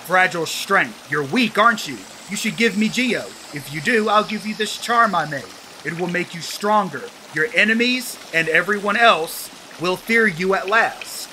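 A man's voice: sits high, normal speed, few pauses, bright, forceful tone, slight background noise, poor audio. A man voicing a greedy bug merchant who coaxes and wheedles as he sells charms. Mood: wheedling. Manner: wheedling, coaxing.

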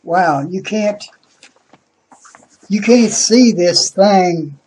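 A man talking casually into a webcam about a package, hesitant, with many pauses and restarts. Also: sits high, darkish tone, a little hiss or hum. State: out of breath. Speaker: vlogger. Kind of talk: casual unboxing vlog.

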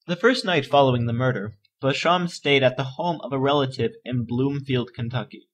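A man reading an encyclopedia article aloud in a measured, even narration. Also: mid-range voice. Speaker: volunteer article reader. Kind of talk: steady read-aloud narration.

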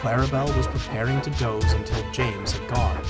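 A man giving expressive storybook narration over background music. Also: medium pitch, fairly quick. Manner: expressive, animated reading. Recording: music playing underneath.

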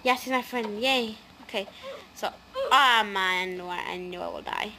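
A woman giving casual, excitable let's-play commentary as she plays, chatty and prone to gasps and squeals. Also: medium pitch, moderate pace, a little hiss or hum. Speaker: gaming video host.

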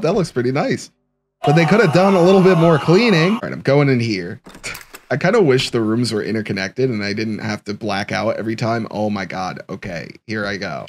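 Young guy gaming commentary, excitable, cusses a lot, voice all over the place, faint music behind. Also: medium pitch. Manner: excitable, swears, panicky yelps when scared. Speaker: gaming YouTuber. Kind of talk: horror game let's play commentary.

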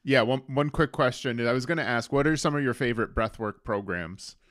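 A man's voice: medium pitch, brisk, a bit bright. A man hosting a podcast, asking short, friendly questions of his guest. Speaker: podcast host. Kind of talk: podcast interview.

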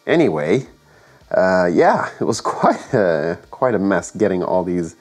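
Sounding sick, a home mechanic and channel host casually narrates his engine work in his garage workshop, thinking aloud with hesitant fillers and self-corrections. His low, slightly mellow voice has a breathy edge, swings widely in pitch and keeps a measured pace. Soft music plays behind him.

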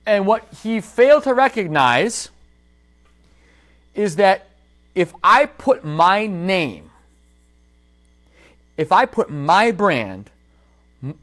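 On a laid-back livestream, a holster maker animatedly tells a story from his workshop, turning straight to his viewers. He has a high voice, speaks slowly and leaves long pauses.

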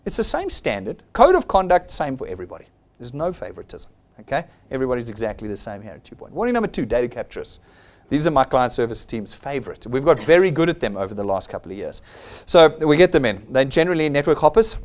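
A man's voice: mid-range voice, very animated, quick pace. Emphatic man rallying a seminar. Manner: emphatic and exhortative, acts out quoted voices. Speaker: seminar presenter for his company. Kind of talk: motivational seminar talk.

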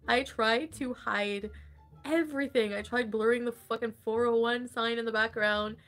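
A woman's voice: a little high, measured pace, fairly bright tone, soft background music. A woman livestreaming in casual, rambling chat, swearing freely and laughing often.

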